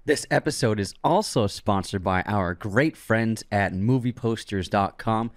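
A man's voice: on the low side, unhurried, no room sound, clean studio sound. A man co-hosting a movie podcast, reading ads and playing quiz games in an easygoing way. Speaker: podcast co-host. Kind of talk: casual chat and ad reads.

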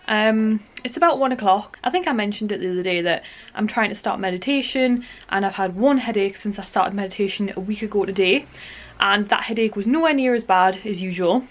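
A woman's voice: medium pitch, fairly quick. Bubbly chatty woman vlogging. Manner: bubbly, chatty, full of fillers. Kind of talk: casual vlog chat. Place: at home indoors.

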